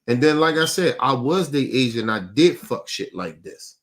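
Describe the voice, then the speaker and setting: An older male podcast host tells a rambling, profane story in casual chat, speaking at normal speed in a medium-pitched voice. He grows animated whenever he quotes himself.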